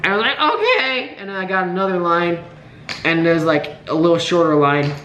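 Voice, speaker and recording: A man's voice: a little high, steady tone, fairly quick, fairly bright tone, slight background noise. A young man from Nebraska in his late teens, complaining in a profane, sarcastic vlog rant. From Nebraska, USA. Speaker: vlogger. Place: indoor room by a window. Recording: roomy, echoey room.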